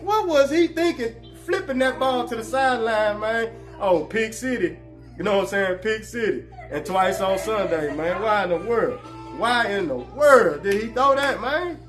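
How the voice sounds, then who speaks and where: High-voiced joking sports talk host. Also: male voice, normal speed, faint music behind. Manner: animated, joking, heavy slang. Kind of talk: casual sports commentary.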